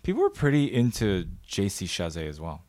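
A man's voice: on the low side, wildly swooping pitch, a little fast, a little mellow. A man in his thirties co-hosting a podcast in casual chat, playful and teasing, firing off questions. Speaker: podcast co-host.

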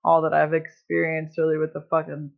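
A woman's voice: low-pitched, completely flat delivery, fairly quick, gravelly. A woman telling stories in a casual chat, swearing constantly and rambling with lots of fillers. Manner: profane, rambling storytelling with many fillers. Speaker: podcast host. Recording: dull lo-fi sound.

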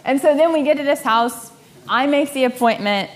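Animated young woman telling a story. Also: sits high, normal speed. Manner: animated, laughing, acts out quoted voices. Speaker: speaker sharing a personal story. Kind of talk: storytelling talk.

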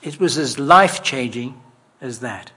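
A man's voice: medium pitch, lively intonation, unhurried, sharp tone, husky. A man preaching a sermon in a conversational, emphatic, self-deprecating way.

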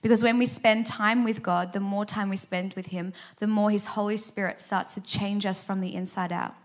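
A woman giving a devotional talk, earnest and gentle, who tells a children's story and ends in prayer. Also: medium pitch, steady tone, normal speed.

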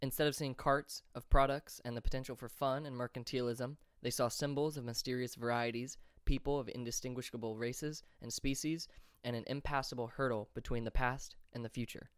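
A man reading a fantasy audiobook chapter as narrator, in a steady, measured way. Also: medium pitch, smooth, no echo, studio quality.

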